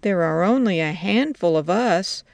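Gruff shouting soldiers, as a woman reading aloud puts them on, blunt and hostile, with a gravelly edge to the voice and a dry, close sound. The lines come out louder and sharper than the calm storytelling around them. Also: on the low side, measured pace, no room sound. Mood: grim.

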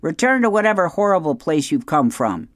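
A storyteller voicing a small frightened weasel who squeaks his words in a children's storybook read-aloud. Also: very animated, a little fast, dry recording, clean studio sound, close to an everyday voice. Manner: squeaky, pleading.

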